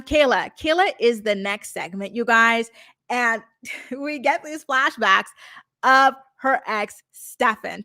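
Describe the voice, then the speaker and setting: A woman's voice: on the high side, bright, forceful tone, dry recording. A young woman chatting to her livestream viewers as she recaps a reality show, giggly and dramatic, talking into a close mic. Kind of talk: casual livestream commentary.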